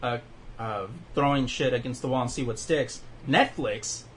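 A man hosts a casual podcast chat, rambling with many fillers and restarts. His mid-range voice is a bit bright and moves at normal speed, with slight background noise.

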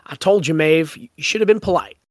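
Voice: medium pitch, fairly quick, dry recording, lightly acted. Host doing a matter-of-fact drawling knight, dry close sound. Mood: cool.

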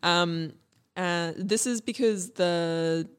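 A young woman co-hosts a casual history podcast, speaking very slowly in a smooth, fairly low voice. Her talk is full of ums and restarts as she presents the history.

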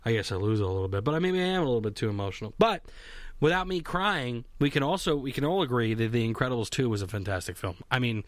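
A man's voice: medium pitch, no echo. A young man in a casual solo monologue from a home basement, rambling, swearing and mocking himself.

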